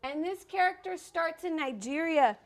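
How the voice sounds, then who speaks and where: In a classroom, a woman with a high voice runs a dance class for children. Speaking at a moderate pace and full of lively energy, she coaxes the kids along and counts out the rhythm.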